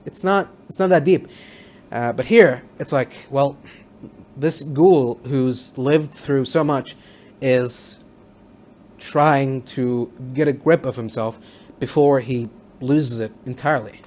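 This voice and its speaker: A man giving a casual spoken review of a TV series, rambling with many fillers and restarts, sometimes acting out lines in quick voices. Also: medium pitch, darkish tone. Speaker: show reviewer.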